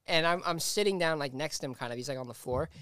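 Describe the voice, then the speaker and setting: A man's voice: fairly high pitch, fast, bright, forceful tone, clear, resonant tone, dry recording, studio quality. Rambling young male podcast co-host. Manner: rambling, laughing storyteller. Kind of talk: casual chat.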